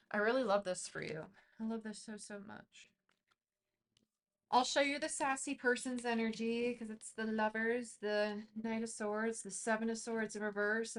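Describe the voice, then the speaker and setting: Chatty woman doing a tarot reading. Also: mid-range voice. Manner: chatty and intuitive, thinks aloud with many fillers. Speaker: tarot reader. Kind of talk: casual spoken tarot reading.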